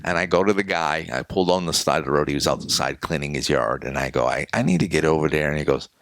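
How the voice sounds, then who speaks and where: Deep-voiced rambling storyteller man. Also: lively intonation, quick pace, a little hiss or hum. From northeastern United States. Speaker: podcast co-host. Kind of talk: casual chat.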